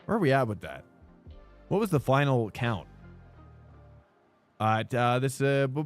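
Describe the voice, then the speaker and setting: A man's voice: mid-range voice, big pitch swings, normal speed, pauses often, faint music behind. A man streaming sim racing, chatting loosely with viewers and saying dude and bro. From United States. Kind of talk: casual live-stream chat.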